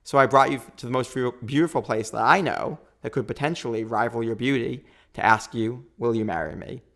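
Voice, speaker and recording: A man in his thirties, a podcast guest, telling a long story in a lively, quick way and acting out what people said. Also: mid-range voice, vocal fry. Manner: animated, quick storytelling with acted-out quotes. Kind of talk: storytelling in a casual interview.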